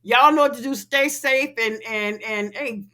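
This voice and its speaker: A woman co-hosting a casual podcast, telling a story in a lively, profane, laughing way. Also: fairly high pitch, measured pace. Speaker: podcast co-host.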